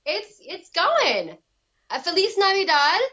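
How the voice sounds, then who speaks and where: Friendly so-cal woman on a video call, kinda muffled, bright voice. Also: very high voice, sing-song, slow. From Southern California. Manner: friendly, upbeat, a few restarts. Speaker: guest. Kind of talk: casual video call chat.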